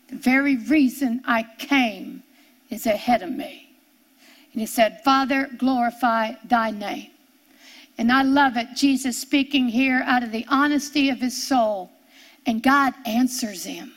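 Female Bible teacher, sermon delivery, unhurried, repeats phrases for weight, higher register. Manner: slow, emphatic, drawn-out phrasing with repeated lines. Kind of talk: sermon reading scripture.

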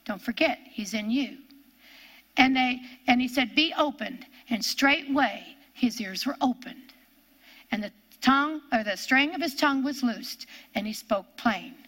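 A woman preaching a sermon, swinging from loud, fervent peaks to hushed lows and reading scripture aloud. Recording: echoey hall.

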